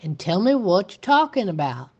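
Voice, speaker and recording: A woman voicing a drunk, leering male small-town sheriff who talks in a slow drawl. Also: mid-range voice, big pitch swings, breathy edge, muffled recording.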